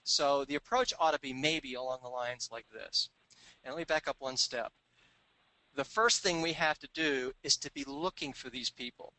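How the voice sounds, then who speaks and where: A middle-aged man giving a business talk, telling stories and acting out the dialogue in quick voices. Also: medium pitch, bright, forceful tone, low-quality recording. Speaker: business speaker. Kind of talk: recorded seminar talk.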